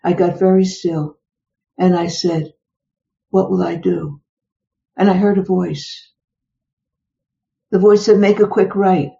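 A woman's voice: lowish voice, fairly even intonation, slow pace, gravelly, long pauses, warm tone. An older woman, a psychologist being interviewed, recounting personal stories with exclamations and rhetorical questions. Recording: dull lo-fi recording.

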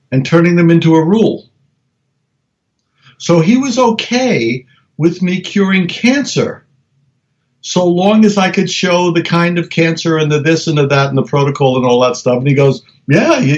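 A man researcher telling stories in a casual interview, talking in halting bursts with many restarts and acting out the voices of others. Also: a little high. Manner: halting, with frequent restarts and acted-out quotes. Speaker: researcher and guest. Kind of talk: casual conversational storytelling. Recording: dull lo-fi recording.

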